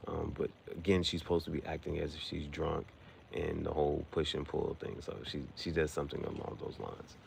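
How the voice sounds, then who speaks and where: Deep gravelly man, slangy casual recap. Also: brisk, slight background noise. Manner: slangy, rambling, animated storytelling. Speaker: podcast host.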